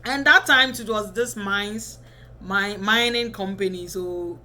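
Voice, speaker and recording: Bright, chatty woman vlogger. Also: mid-range voice, takes it slowly, slight background noise. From Ghana. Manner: chatty, keeps checking in with the viewer. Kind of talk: casual advice chat to camera.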